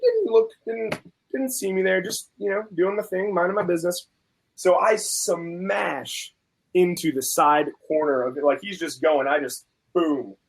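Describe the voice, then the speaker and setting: Young man, food show host, slightly high voice, casual animated storytelling. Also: a little slow, vocal fry, low-quality recording. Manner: animated storyteller, acts out quotes. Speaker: host of a food review channel.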